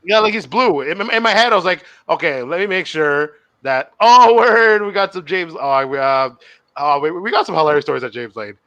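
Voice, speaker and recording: A young man co-hosts a casual comedy podcast and tells animated stories. His voice is bright and fairly high, and its pitch jumps around a lot. He laughs often and acts out his own lines in an even higher voice. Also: moderate pace, highs cut off. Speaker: podcast co-host.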